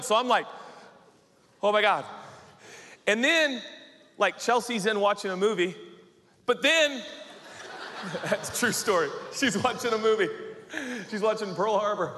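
Bright-voiced man preaching in a hall. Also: high-pitched, slight background noise. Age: 40s. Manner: storytelling, self-mocking, with sudden excited outbursts. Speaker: pastor. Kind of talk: sermon. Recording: long hall reverb.

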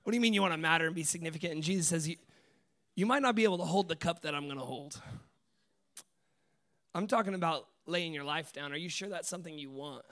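A man preaching a sermon, telling stories with lively acted-out dialogue, dropping to hushed lines and rising to loud bursts. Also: fairly high pitch, fast, pauses often. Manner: animated storytelling, acts out dialogue, swings from hushed to loud.

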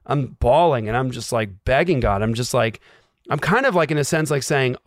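A man's voice: mid-range voice, animated, normal speed, no room sound. Man telling an earnest personal story. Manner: earnest, emotional, filler-heavy with many "like"s. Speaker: guest sharing a personal story. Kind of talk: casual storytelling.

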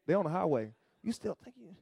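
A man preaching a sermon, asking the congregation for amens, swinging between loud emphatic peaks and low asides. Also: very animated, fast, creaky, husky, dry recording, studio quality. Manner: call-and-response preaching, rising to loud emphatic peaks then dropping low; acts out quoted voices in asides. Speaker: pastor.

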